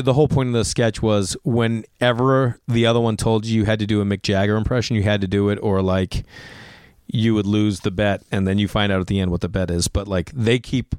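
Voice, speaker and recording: A middle-aged man, a comedian hosting a podcast, chatting casually in a rambling, animated way with lots of restarts and asides. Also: on the low side, smooth, dry recording, studio quality.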